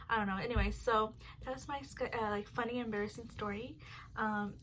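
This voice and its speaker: Young woman vlogging a storytime, kinda high voice, lots of likes and swears, bit of hiss behind. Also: fairly even intonation, fairly quick, fairly bright tone. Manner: rambling, heavy filler words and swearing. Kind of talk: casual storytime monologue.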